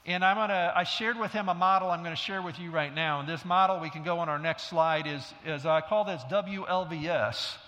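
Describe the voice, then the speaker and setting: Bright-voiced pastor preaching in a reverberant hall. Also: male voice, on the high side, steady tone, a little fast, few pauses. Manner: storytelling, conversational with self-deprecating laughs. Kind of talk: sermon.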